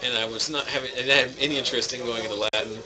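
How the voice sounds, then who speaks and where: A young man with a West Virginian accent commentates a card tournament in a relaxed, dry way. His voice sits mid-range, with a busy crowd murmuring clearly behind him. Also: medium pitch, racing, low-quality recording. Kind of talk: casual chat.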